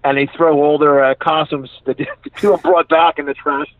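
A man's voice: on the high side, level tone, normal speed, no echo. Philly-accented man on a tinny phone line. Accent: Philadelphia. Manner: rambling, laughs through his stories. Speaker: comedian guest. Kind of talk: casual chat. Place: inside his parked truck. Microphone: phone call.

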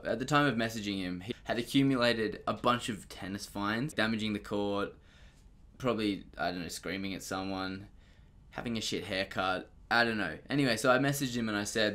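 A young man narrating a casual comedic vlog, joking and self-mocking, with sudden loud, high outbursts. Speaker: vlogger.

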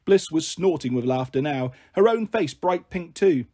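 A man narrating a children's novel in a gentle first-person storytelling manner. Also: a little high, lively intonation, normal speed. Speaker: story reader.

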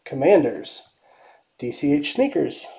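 A woman hosting a trading card break, giving casual running commentary and dropping to quiet mutters while she checks cards. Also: deep voice, sing-song, a little slow, creaky.

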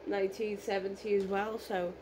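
A woman with a hoarse voice, gushing excitedly and emotionally in a casual unboxing vlog. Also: medium pitch, normal speed, background noise. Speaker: vlogger.

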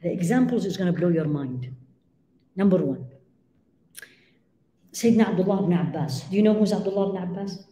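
Female lecturer, mellow tone, emphatic teaching style, echoey hall. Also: on the low side, animated, brisk, pauses often, slight background noise. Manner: emphatic, rhetorical questions, cites Arabic phrases. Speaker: Islamic lecturer. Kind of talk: religious lecture to a live audience. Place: lecture room with audience.

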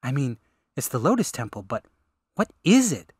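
A man's voice: mid-range voice, big pitch swings, normal speed, slightly rough, no room sound, studio quality, pitched above the performer's own voice. A man voicing a hesitant young woman on an adventure, in an audiobook. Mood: puzzled.

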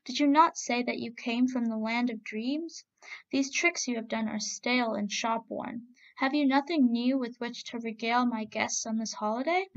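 A woman's voice: fairly high pitch, normal speed, lightly acted. A woman reading the part of a proud, demanding male mandarin official, commanding and mocking in manner. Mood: scornful. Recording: dull lo-fi recording.

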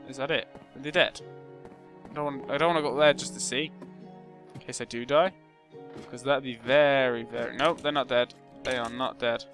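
A young man giving casual gameplay commentary, muttering to himself and breaking into loud, excitable shouts. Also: medium pitch, normal speed, soft background music. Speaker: gaming channel host.

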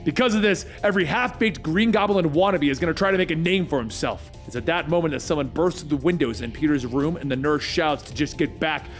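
A man narrating a comic book story in brisk recap style. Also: on the high side, faint music behind.

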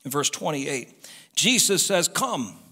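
A male pastor preaches an impassioned sermon straight to his congregation, pressing them again and again with repeated exhortations. His voice is fairly high, pushed and bright with a slight roughness, swinging widely in pitch while he takes it slowly. Church hall reverb surrounds the recording.

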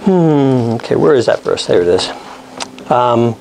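A man's voice: medium pitch, expressive, unhurried, vocal fry, darkish tone, slight background noise, poor audio. A man teaching an informal Bible lesson. He talks conversationally, often checks in with "okay?" and restarts or corrects himself mid-sentence.

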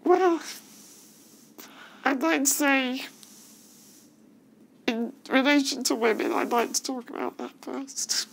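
A woman giving tearful, halting testimony at a public inquiry, her voice breaking as she restarts her sentences. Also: high voice, gravelly, low-quality recording. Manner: halting, emotional, restarts often. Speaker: witness giving evidence. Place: hearing room.

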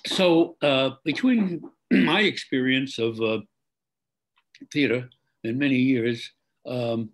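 An older man recalls his career at an unhurried pace. His voice is husky and a little breathy, and he often stops, restarts and clears his throat. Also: medium pitch, low-quality recording. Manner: halting, many fillers and restarts, clears throat. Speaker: actor guest. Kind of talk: interview storytelling.

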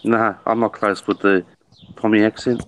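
An Australian man with an easygoing manner banters in a casual live stream. His voice is somewhat low. He keeps the talk light and calls the others mate. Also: little pitch movement, moderate pace, fairly bright tone.

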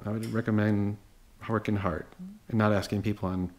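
A man's voice: on the low side, little pitch movement, moderate pace, darkish tone. A man who runs a car dealership, reading out buyer messages and reacting to them in a sarcastic, exasperated, blunt way. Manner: blunt and dismissive.

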